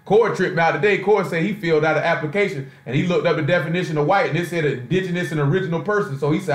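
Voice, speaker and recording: Barely pausing, a man with a slightly high voice races through an informal conference-call sermon. The preacher's style is streetwise and loose, heavy on rhetorical asides, and the recording echoes like a large room.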